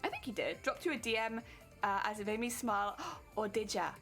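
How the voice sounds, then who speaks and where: Chatty young English woman streaming her crafting, medium pitch, faint music behind. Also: a little fast, a bit bright. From England. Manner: chatty, giggly, rambling with many fillers. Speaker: cosplay streamer. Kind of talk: casual live-stream chat while crafting.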